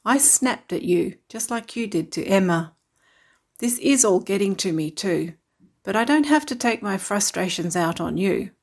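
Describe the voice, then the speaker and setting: A woman voicing a tired but caring mother in a storybook reading, speaking gently and reassuringly. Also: mid-range voice, expressive, moderate pace.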